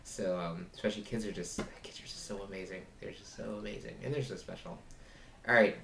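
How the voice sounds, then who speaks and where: Deep-voiced man telling a vlog story. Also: a little fast, vocal fry, bright, forceful tone, echoey room, a little hiss or hum. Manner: rambling retelling, acting out both sides of a dialogue. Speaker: foster parent and vlogger.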